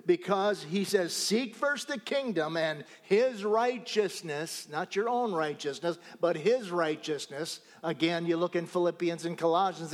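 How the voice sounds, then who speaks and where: A fairly high-voiced man preaches a sermon, swinging between loud exclaiming and hushed whispers for emphasis. His voice carries a long reverb, as if he speaks in a large hall. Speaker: pastor.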